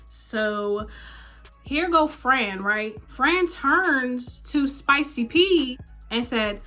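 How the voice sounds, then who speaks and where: A young woman casually telling a story to her vlog audience, animated, acting out the people in it. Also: high voice, very slow, faint music behind. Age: young adult. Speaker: vlogger.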